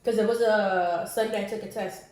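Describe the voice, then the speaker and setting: A woman's voice: mid-range voice, steady tone, a little fast, a little mellow, heavy reverb, recorded from a distance. A woman co-hosting a podcast, telling a personal story in casual chat and switching between English and Spanish. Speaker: podcast co-host.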